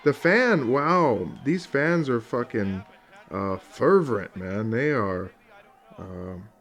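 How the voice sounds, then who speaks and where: A man's voice: medium pitch, lively intonation, slow, a bit bright. A man casually commentating on old fight footage, rambling, swearing often and laughing along.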